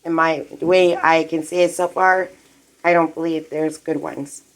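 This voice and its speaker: A woman's voice: sits low, level tone, normal speed, poor audio. Woman ranting profanely in her apartment. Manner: profane, agitated, rambling. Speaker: livestreamer. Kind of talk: rambling live-stream rant.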